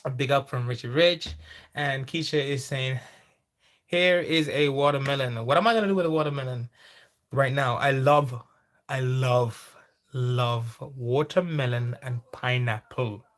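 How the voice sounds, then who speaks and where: A man hosting a farming livestream. He chats casually and reads out viewer comments, breaking into sudden high-pitched exclamations. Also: measured pace, fairly bright tone. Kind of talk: casual live chat, reading viewer comments.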